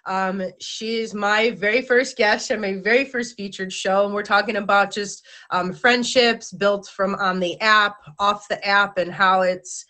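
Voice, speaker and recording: A woman's voice: medium pitch, steady tone, a little slow, hardly any pauses, pushed and bright. A woman hosting a live-stream talk show, chatty and giggly, stumbling over her words as she reads out viewer comments. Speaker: host.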